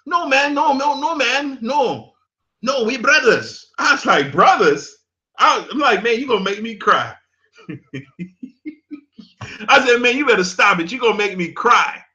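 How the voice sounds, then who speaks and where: A man with a high-pitched, bright, forceful voice delivers an impassioned monologue, repeating phrases for emphasis. He's a commentator with a preachy, emphatic manner who laughs at his own points.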